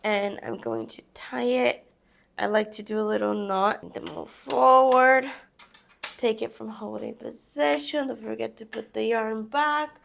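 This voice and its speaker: Slight background noise sits under this casual knitting walkthrough, where a young vlogger talks to herself step by step. Her voice is a little high, a bit bright and creaky, and a little slow.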